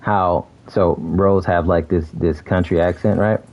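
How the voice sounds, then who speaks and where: A man's voice: sits low, steady tone, measured pace, a little mellow, dull audio. A young man from South Florida chatting casually while streaming a game, laid-back, laughing often and calling people bro. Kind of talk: casual chat while gaming.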